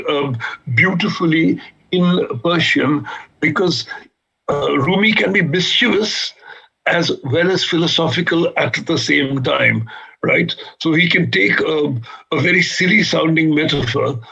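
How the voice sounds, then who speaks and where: A man from Bombay, a guest author, telling lively, humorous anecdotes in conversation. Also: on the high side, unhurried, creaky, husky. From India (Bombay). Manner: lively, humorous, vivid storyteller. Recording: dull lo-fi sound.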